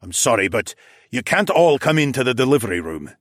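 A man's voice: mid-range voice, big pitch swings, brisk, a bit bright, no room sound, clean studio sound. A man doing an urgent, polite castle attendant. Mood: apologetic. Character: dutiful male castle attendant.

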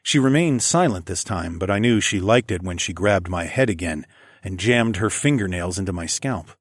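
A man narrating a first-person story in a low, measured, intimate way. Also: lively intonation, dry recording, studio quality.

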